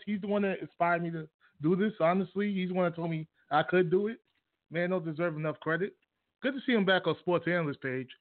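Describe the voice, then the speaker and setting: High-voiced man on a tinny line. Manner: animated, laughs often, talks over his co-host. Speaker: podcast co-host. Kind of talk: casual sports and music chat. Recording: tinny phone-line sound.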